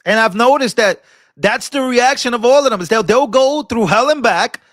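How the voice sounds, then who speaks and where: A man with a notably high speaking voice hosts his own political commentary vlog. He talks in a heated, off-the-cuff way, tripping over and repeating words, and breaks into preacher-like rebukes. The sound is close and dry with no room echo. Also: normal speed, fairly bright tone. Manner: repeats and restarts words, sermon-like "I rebuke" outbursts. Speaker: political commentator and channel host. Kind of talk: impassioned casual political commentary.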